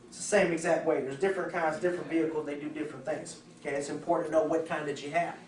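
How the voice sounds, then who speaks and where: A man's voice: fairly high pitch, very fast. A man leading a sales training session for insurance agents, talking casually and acting out customer conversations. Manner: animated, acts out customer dialogues. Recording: echoey room from far off.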